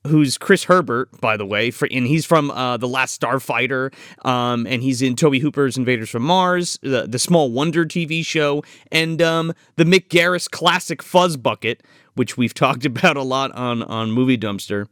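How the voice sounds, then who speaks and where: A man's voice: medium pitch, moderate pace, fairly bright tone, no echo, studio quality. A man co-hosting a casual film review podcast, swearing freely and laughing as he recaps scenes playfully. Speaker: podcast co-host.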